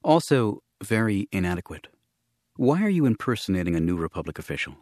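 A tart, blunt, skeptical woman, as a male reader puts her on, her words firm and cutting in a storybook reading. The voice stays low and the recording is close and dry. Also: big pitch swings, brisk, darkish tone, no echo.

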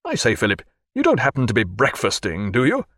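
A man voicing a composed, wry naval captain with crisp, dryly facetious speech, in an audiobook. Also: mid-range voice, huge pitch swings, fairly quick, a bit bright, no echo, studio quality. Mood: courteous.

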